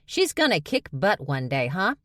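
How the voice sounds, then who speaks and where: A woman narrator voices a brawny, brash female honey badger shifter. She sounds upbeat and bold, pitched a little above the narration. The storybook sound is dry and close. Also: very animated, normal speed, a bit bright, dry recording.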